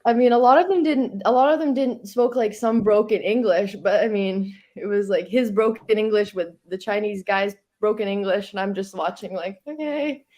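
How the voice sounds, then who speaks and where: A woman's voice: medium pitch, fairly even intonation, moderate pace, hardly any pauses, dark tone. Chatty young woman telling stories. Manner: chatty storytelling with frequent likes and laughs. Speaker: guest, Olympic hockey player. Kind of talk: casual podcast chat.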